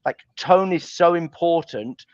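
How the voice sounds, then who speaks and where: A man's voice: fairly high pitch, a little slow, darkish tone. A man guest on a webinar video call, loose and chatty, full of "like" fillers, acting out sales calls as examples. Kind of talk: casual webinar chat. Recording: dull, dry video call audio.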